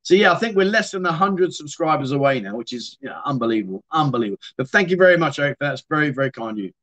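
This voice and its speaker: A middle-aged livestream host chats casually and rambles while answering his viewers' comments. His fairly high voice is expressive, quick-paced, and fairly bright in tone, though the recording's highs are cut off.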